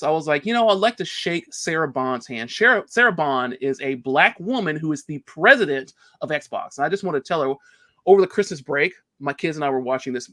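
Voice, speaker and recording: A man who works as a game developer, telling stories in a casual podcast hangout with excitable, animated delivery. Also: on the high side, no echo.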